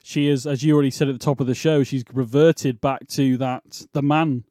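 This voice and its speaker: Dry, deadpan British man. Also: medium pitch, brisk, no echo. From Britain. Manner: dry, deadpan, laughs often. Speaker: podcast co-host. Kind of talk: casual wrestling chat.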